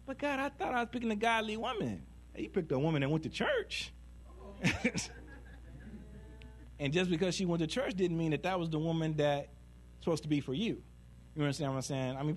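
A man preaching a sermon in a conversational, humorous way, asking rhetorical questions and slowing down for emphasis. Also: on the high side. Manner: conversational and humorous, laughing at his own stories; rhetorical questions, dramatic slowdowns.

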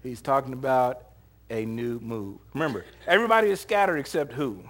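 A man's voice: mid-range voice, brisk. A man preaching a sermon, retelling scripture in a casual, humorous way and laughing often, with short acted-out quotes. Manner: animated, acts out short quoted lines.

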